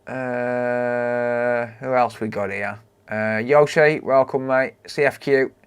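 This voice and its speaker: A man's voice: medium pitch, fairly even intonation, slow pace, smooth. Chatty British man on a repair livestream. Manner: chatty, greets and thanks viewers by name while working. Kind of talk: casual live stream chat.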